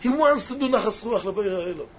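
A man with giving a sermon-style talk to yeshiva students, emphatic and repetitive, swinging between loud stresses and hushed asides, on a muffled lo-fi recording. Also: high-pitched, expressive, quick pace. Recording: muffled lo-fi recording with faint hiss.

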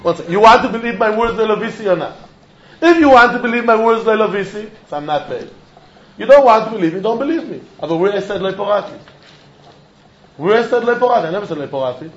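High-voiced man teaching Talmud animatedly. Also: fast. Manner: animated, argues back and forth, laughs often. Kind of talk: Talmud lesson, lively explanation. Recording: dull lo-fi recording.

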